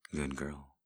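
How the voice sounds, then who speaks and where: A man in a whispered role-play, giving slow, coaxing encouragement with repeated phrases in a deep, husky whisper. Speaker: intimate audio performer.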